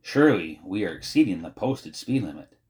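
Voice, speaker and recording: Pedantic, sardonic storybook boy, read by a man, low and lively. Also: brisk. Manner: wordy, precise, sardonic. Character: fussy, pedantic know-it-all boy.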